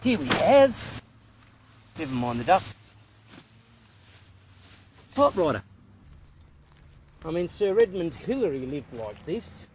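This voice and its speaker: A man's voice: on the high side, big pitch swings, measured pace, long pauses, a little hiss or hum. An Australian man rambling in a casual outdoor vlog, with folksy bush slang. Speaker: vlogger.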